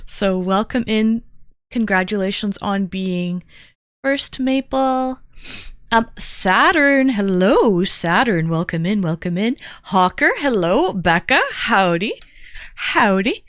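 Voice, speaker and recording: A woman's voice: mid-range voice, lively intonation, slow, no echo, studio quality. A woman livestreaming, greeting her chat viewers one by one in a playful, casual way.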